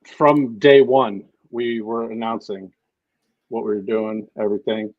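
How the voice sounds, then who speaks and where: A man's voice: fairly low pitch, steady tone, measured pace, darkish tone, no echo. A man co-hosting a casual livestream chat, talking in slang and swearing freely. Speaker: co-host. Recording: dull lo-fi dry sound.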